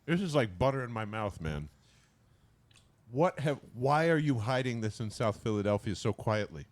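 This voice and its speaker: A man hosting a podcast in a casual sports chat, animated and quick to swear. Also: medium pitch. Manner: animated, excitable, swears freely. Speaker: podcast host.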